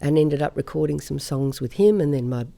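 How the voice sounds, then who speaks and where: Gravelly, mellow-voiced woman from Australia. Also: sits low, fairly quick. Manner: chatty anecdotal storyteller, laughs often. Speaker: singer, interview guest. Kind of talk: conversational interview storytelling.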